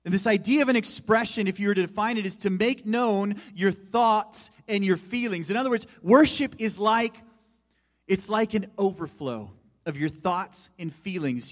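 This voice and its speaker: Animated male preacher in a reverberant hall. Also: high-pitched. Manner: animated preaching, swings from loud emphasis to hushed asides. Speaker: pastor. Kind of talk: sermon.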